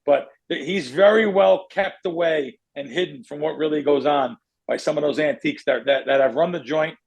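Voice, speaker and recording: A man's voice: on the high side, normal speed, vocal fry, breathy edge. A man hosting a betting podcast, telling long rambling stories in casual chat, cursing freely and drifting off on tangents. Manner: rambling storyteller who curses and goes off on tangents. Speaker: podcast host, sports bettor.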